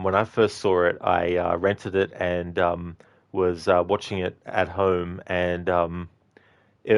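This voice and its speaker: Male streamer, very low voice, rambling friendly chat with viewers. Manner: chatty, thanks viewers by name, rambling asides. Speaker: game streamer. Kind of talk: casual livestream chat.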